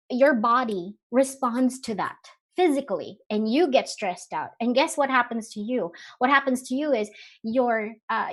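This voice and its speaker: A woman speaking on a live webinar, talking in a conversational way with many fillers and rhetorical questions. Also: on the high side. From Philippines.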